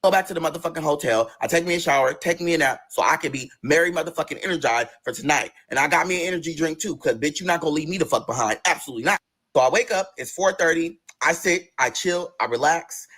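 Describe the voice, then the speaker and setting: A young man telling a story from his own life in casual, profane, animated speech, jumping into other people's voices. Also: on the high side, fast talker.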